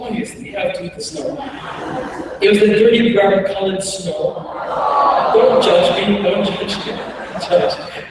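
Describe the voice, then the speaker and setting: A young man from Congo, whose first language is Kiswahili, tells animated, humorous stories as a keynote speaker. His voice sits high for a man. It comes from far away in a big hall with a long echo. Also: noisy background. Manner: animated and humorous, with frequent laughs. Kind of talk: storytelling keynote talk. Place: large hall. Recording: echoey hall, far from the mic.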